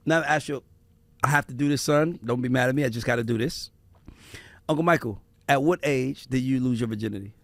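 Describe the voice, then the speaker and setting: A man hosting a casual family conversation, telling stories in an animated, profane way. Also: mid-range voice, brisk, gravelly, no echo. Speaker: podcast host.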